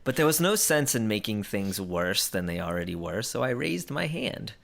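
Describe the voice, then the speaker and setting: A woman's voice: a bass voice, moderate pace, gravelly. A woman reading a children's book aloud on a podcast, acting out the lines with expression and joking around. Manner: reads with expressive character voices and jokes. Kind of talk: casual podcast reading and chat.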